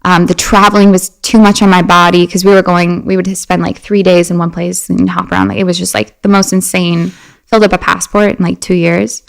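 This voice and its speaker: A woman guest on a podcast, chatting casually and telling animated personal stories with many fillers and restarts. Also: fairly low pitch, brisk, gravelly, rough recording. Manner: animated storyteller. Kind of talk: casual chat.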